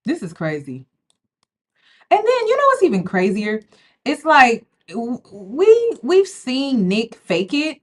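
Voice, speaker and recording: A high-pitched woman takes it slowly while giving slangy, casual commentary on a reality show. She stays animated and chatty, speaking directly to her viewers as y'all.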